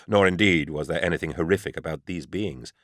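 Man, very low voice, dry close sound, grave measured first-person audiobook narration. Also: fairly bright tone, no room sound.

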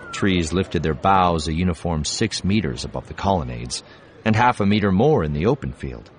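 A man narrating a science fiction audiobook in a measured, expressive reading. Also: sits low, slight background noise. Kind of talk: scripted narration.

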